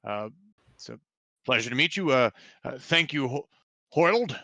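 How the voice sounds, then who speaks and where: A man voicing a cautious, hospitable male leader of a mining village, who speaks in halting phrases. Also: medium pitch, lively intonation, sharp tone, dry recording, muffled recording. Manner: hesitant, halting.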